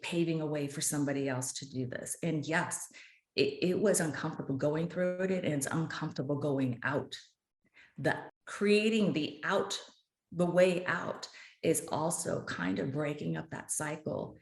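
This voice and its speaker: A woman in her late fifties, a guest author talking earnestly and openly in an interview, often restarting her sentences. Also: low voice. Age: 50s. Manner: earnest and open, with frequent restarts. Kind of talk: candid interview conversation. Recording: roomy echo.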